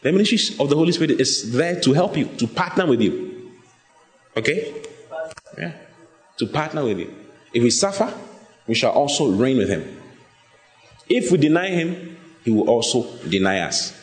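A man's voice: medium pitch, normal speed, long pauses, echoey room. A man preaching a sermon, telling the story vividly and asking the listeners questions. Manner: animated storytelling, often asks the listeners questions.

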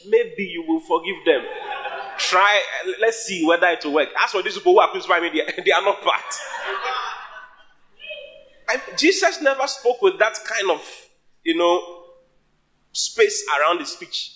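Male preacher, English not his first language, emphatic sermon delivery, voice a touch higher than most men, leaps up for stress. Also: animated, moderate pace, long pauses, pushed and bright. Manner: emphatic, rising to high bursts; sings a hymn line at the start.

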